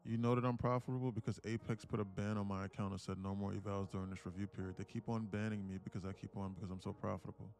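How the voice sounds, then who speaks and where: A man from with a gravelly voice, boasting about his trading and bantering with viewers on a live stream from his home apartment. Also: lowish voice, flat delivery, rapid-fire, few pauses, darkish tone. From Atlanta, USA. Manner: boastful, teasing banter with chat. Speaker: day trader streamer.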